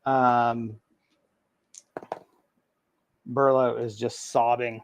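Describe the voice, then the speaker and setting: A man narrating a tabletop game as game master, halting and full of ums. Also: medium pitch, flat delivery.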